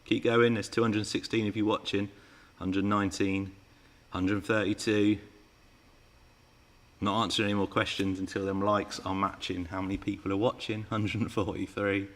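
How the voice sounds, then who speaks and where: A man's voice: fairly low pitch, little pitch movement, normal speed. A man hosting a live Q&A stream, chatting with viewers and reading out their comments. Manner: chatty and playful, teasing viewers. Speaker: RC car channel host.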